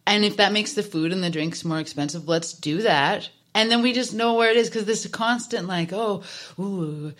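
A woman's voice: medium pitch, normal speed, hardly any pauses, fairly bright tone. A woman hosting a casual chat, talking with lots of fillers and asking probing questions.

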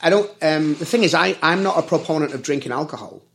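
Man, 40s, from britain, gravelly voice, rambling casual chat. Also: a little high, animated, fast, fairly bright tone. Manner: rambling, self-correcting, many fillers.

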